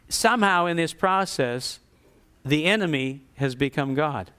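A man delivers a sermon with a smooth, resonant voice that sits a little high for a man. He is animated, and he slips into mocking voices when he quotes complainers. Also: measured pace. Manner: animated, acts out grumbling voices with scorn. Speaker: preacher.

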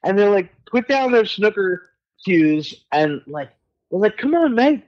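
A man guesting on a podcast, telling a story in casual chat, animated and swearing freely as he acts out other people's voices. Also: high-pitched, measured pace, highs cut off. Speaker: guest musician.

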